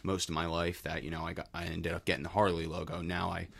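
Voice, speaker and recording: A young man answering interview questions casually, with a relaxed, rambling manner full of fillers. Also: low-pitched, quick pace, creaky. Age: young adult. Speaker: podcast guest.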